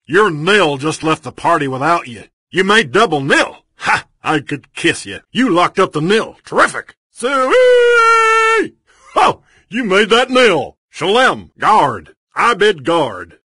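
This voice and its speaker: An actor playing a boastful, folksy cowboy card player with a drawl, recorded as game voice lines. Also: male voice, fairly high pitch, pushed and bright, breathy edge, no room sound, studio quality, full character voice. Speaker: game character.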